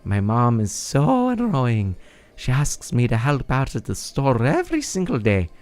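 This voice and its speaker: A man voicing an eager young male bird-folk villager who complains in a high, excitable put-on voice. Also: measured pace. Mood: whiny. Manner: complaining, whiny.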